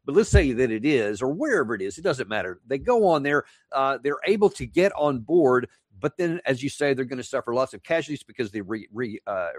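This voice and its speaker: A man hosting an interview, halting and restarting as he thinks aloud. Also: medium pitch, lively intonation, no echo. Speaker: host.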